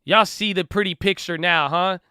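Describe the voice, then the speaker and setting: Bright high-voiced excited man. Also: moderate pace, clean tone, no room sound, clean studio sound. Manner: animated, emphatic, slangy, talks back at critics. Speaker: investing vlogger. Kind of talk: casual excited talk to viewers.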